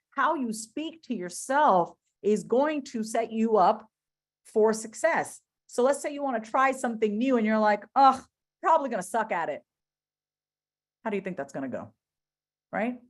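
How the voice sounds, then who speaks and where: A woman giving a motivational webinar talk, speaking directly to her audience with many rhetorical questions and repeated phrases for emphasis. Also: medium pitch. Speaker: webinar presenter.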